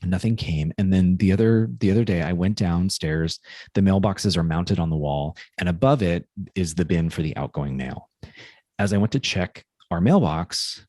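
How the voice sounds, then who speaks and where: A male podcast co-host telling a personal story in a casual, thoughtful way, often halting and restarting. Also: sits low, dark tone, no echo, clean studio sound.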